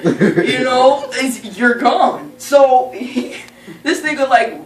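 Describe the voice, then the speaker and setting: A young woman casually telling a funny story to friends, animated and profane, often laughing as she talks. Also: fairly high pitch, extremely slow. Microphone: camera held by a friend. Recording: roomy sound from a distant camera, faint noise.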